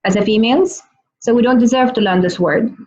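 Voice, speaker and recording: A woman teaching a live online lesson over a video call, playful and teasing, repeating words slowly. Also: a little high, darkish tone. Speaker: Arabic teacher. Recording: muffled video call audio.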